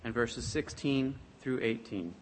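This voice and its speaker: A man's voice: mid-range voice, lively intonation, slow, a little hiss or hum. Emphatic male preacher reading scripture.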